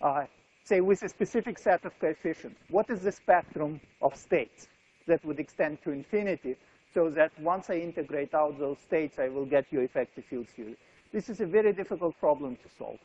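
A man's voice: a little high, normal speed, a little mellow, lo-fi sound. A man giving a university physics lecture, thinking aloud with frequent fillers and restarts.

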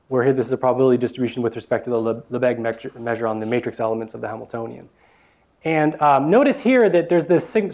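A man's voice: mid-range voice, a little mellow. A young man giving an academic lecture with slides, talking with many fillers and restarts.

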